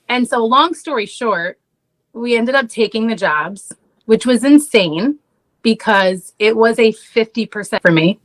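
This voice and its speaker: A woman's voice: mid-range voice, rough recording. Woman, thirties, podcast guest, casual storytelling, chatty, lots of "like". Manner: chatty, says "like" often, laughs at herself.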